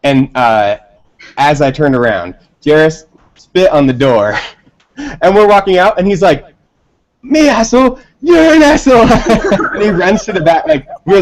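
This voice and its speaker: A man's voice: medium pitch, rough recording. A man, a band member being interviewed, telling a long story in casual, rambling talk with frequent laughs.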